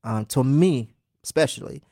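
A man in his twenties from Liberia, a singer talking as a guest in a casual interview, animated and earnest, laughing often. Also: medium pitch, normal speed, no echo, clean studio sound. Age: 20s.

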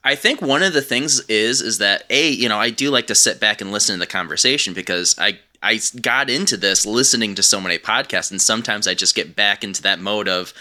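A man's voice: on the low side, a little fast, hardly any pauses, bright, forceful tone. A man who is a regular on a podcast, talking modestly in casual chat.

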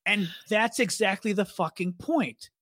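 High husky guy ranting about politics on a podcast, dry close mic. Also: unhurried, fairly bright tone, no echo. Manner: heated, emphatic, swears for stress. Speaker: podcast co-host. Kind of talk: political commentary chat.

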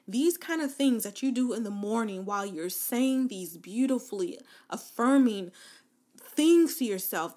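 Woman, motivational talk, casual and encouraging, slangy, mid pitch. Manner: casual, encouraging, guides listener through affirmations; informal slang, fillers like "like" and "right?". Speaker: self-help speaker.

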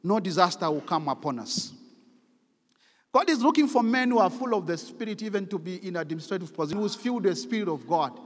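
A man preaches a sermon, pushing scripture readings with mounting emphasis. His voice sits high for a man. The sound rings with a long hall reverb. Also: lively intonation, quick pace. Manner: emphatic, reads scripture aloud with rising force.

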